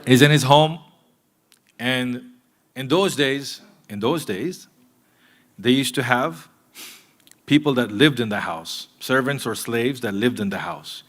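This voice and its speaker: A man preaching a sermon in a mosque, earnest and direct with his listeners, moving between emphatic points and hushed asides. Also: mid-range voice, lively intonation, slow, pauses often. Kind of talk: sermon to a live congregation.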